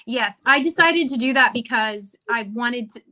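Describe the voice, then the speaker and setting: Bright-voiced chatty woman guest. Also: fairly high pitch, normal speed. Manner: chatty, laughs often, trails off in fillers. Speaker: guest author. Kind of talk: casual interview chat.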